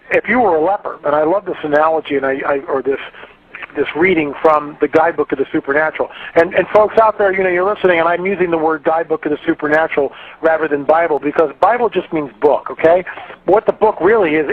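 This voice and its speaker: A man's fairly high voice comes through a thin, phone-like radio line. He tells his stories with fervor as an interview guest, often doubling words as he builds momentum. It sounds like a call-in segment of a talk radio show. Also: fast talker, slight background noise. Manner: fervent storytelling, repeats words when building up.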